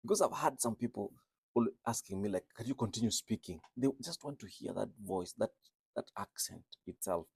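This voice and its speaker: This man is a registered nurse for whom English is a second language, giving a reflective talk about speaking with an accent. He speaks earnestly at a normal speed, repeating phrases for emphasis. His lowish voice is expressive, gravelly and darkish, with a breathy edge and no audible room sound.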